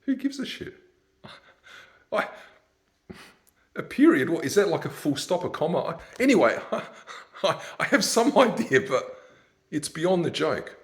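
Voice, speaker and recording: A man's voice: fairly high pitch, very animated, measured pace, long pauses. Rambling sardonic man. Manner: rambling, sardonic, laughs at his own jokes. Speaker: vlogger. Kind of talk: ranting monologue.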